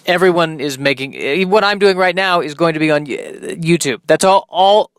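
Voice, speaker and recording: Self-deprecating comedian rambling solo. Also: male voice, fairly high pitch, brisk, hardly any pauses, fairly bright tone, clear, resonant tone, no echo, studio quality. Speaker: podcast host and comedian. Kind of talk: comedic monologue.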